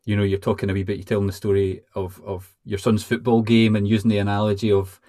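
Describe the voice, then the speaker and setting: Male host, lowish voice, hesitant, rambling questioner. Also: little pitch movement, fast talker, mellow, no echo, studio quality. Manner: hesitant, rambling, many restarts. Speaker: podcast host. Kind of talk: casual interview chat.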